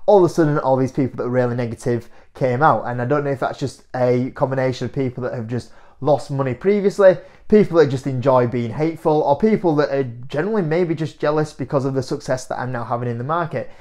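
A young man talks straight to camera in a loose, chatty vlog style. He sounds animated and incredulous, breaking into laughs as he answers critics. His voice sits at an ordinary middle pitch. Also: fast. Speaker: investing YouTuber. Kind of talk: casual to-camera commentary.

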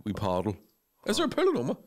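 A man on a podcast who talks fast and jokes constantly. His pitch bounces all over the place as he riffs with his co-host. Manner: quick, animated, jokey, slips into silly put-on voices. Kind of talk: casual banter.

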